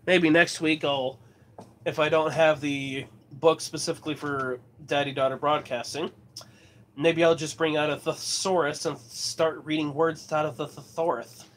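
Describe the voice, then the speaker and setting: A man's voice: a little high, little pitch movement, a little slow, fairly bright tone, a little hiss or hum. A man from Colorado chatting casually as host of his livestream, rambling and laughing often. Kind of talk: casual chat.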